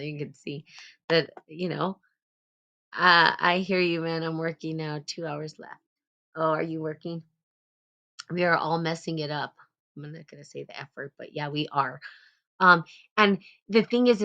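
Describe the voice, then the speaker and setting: A blunt, outspoken woman hosts a casual live talk, swearing freely and calling people out. Her voice sits a little low. The recording sounds dull and lo-fi. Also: normal speed, gravelly. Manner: blunt, swearing, animated ranting. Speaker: host.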